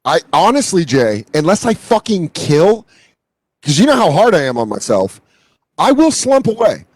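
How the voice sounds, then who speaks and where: Animated man, lively swooping pitch. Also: moderate pace, no echo. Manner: animated, acts out scenes in swooping voices. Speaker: comedian co-host. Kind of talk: casual comedy chat.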